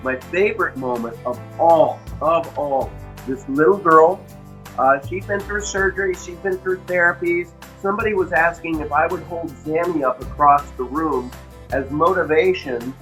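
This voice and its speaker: A man's voice: a little high, normal speed, a bit bright, soft background music. A middle-aged man telling heartfelt personal stories about his dog, earnestly repeating key phrases for emphasis. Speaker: dog owner and vlogger.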